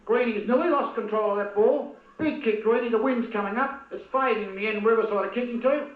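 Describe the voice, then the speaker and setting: A man with an Australian accent giving excitable, partisan commentary on a local football match and calling out to the players by name. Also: high-pitched, a little fast, echoey room, narrow, tinny audio.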